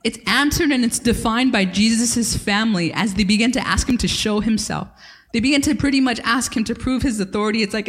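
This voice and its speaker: Woman pastor, emphatic repetitive sermon delivery, higher voice, reverberant church hall. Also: normal speed. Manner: earnest, emphatic preaching with repeated phrases. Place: church service.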